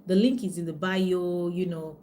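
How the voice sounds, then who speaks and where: A woman's voice: lowish voice, moderate pace, slight background noise. Chatty Nigerian woman coach. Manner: chatty, animated, reads out viewer comments. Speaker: life and business coach. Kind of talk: casual live-stream talk.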